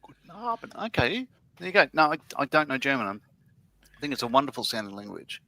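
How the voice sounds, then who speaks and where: A man with a bright, sharp voice and a gravelly edge, joking around on a live stream call. His pitch leaps up and down as he tells stories and cracks puns, and the sound is dry and close. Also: very animated, quick pace, dry recording. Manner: playful storyteller who acts out quotes and cracks puns. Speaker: regular co-host of a modelling live stream.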